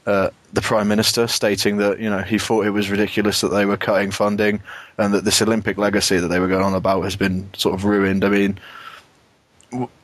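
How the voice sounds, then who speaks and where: British man, young, low-pitched, chatty basketball talk, dry close sound. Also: no echo. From United Kingdom. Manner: chatty, many restarts and fillers, laughs often. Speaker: podcast co-host. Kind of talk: casual basketball chat.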